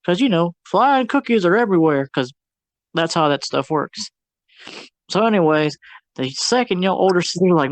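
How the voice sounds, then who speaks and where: A man's voice: sits high, animated, normal speed, no echo. A man co-hosting a movie review podcast in casual chat, retelling a plot with slangy jokes and playful put-on voices.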